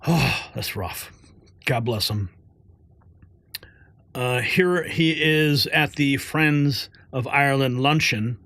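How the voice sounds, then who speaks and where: A man's voice: medium pitch, slow, long pauses, pushed and bright, no echo. A male show host doing live commentary over played clips, with effusive, sentimental reactions.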